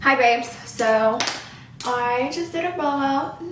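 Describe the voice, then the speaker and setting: A woman's voice: high-pitched, slow, echoey room, far from the mic, background noise. A woman chatting casually through a makeup tutorial, sassy and talkative. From Houston, Texas. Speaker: makeup vlogger.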